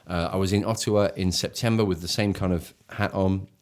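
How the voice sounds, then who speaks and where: A man's voice: low-pitched, fairly even intonation, fairly quick. An English church leader co-hosting a casual talk show, speaking enthusiastically and often restarting his sentences. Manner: enthusiastic, searching for words with frequent restarts.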